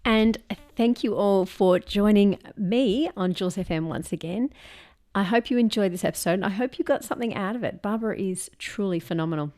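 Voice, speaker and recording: A woman hosting a podcast interview, enthusiastic and quick with gushing praise. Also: medium pitch, darkish tone. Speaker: podcast host. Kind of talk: casual interview chat. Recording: dull lo-fi sound.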